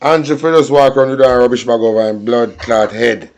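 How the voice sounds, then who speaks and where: Jamaican dude cussing out a politician in patois, heated rant. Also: male voice, mid-range voice, level tone, a little fast, darkish tone. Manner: angry, profane, speaks Jamaican patois. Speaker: commentator.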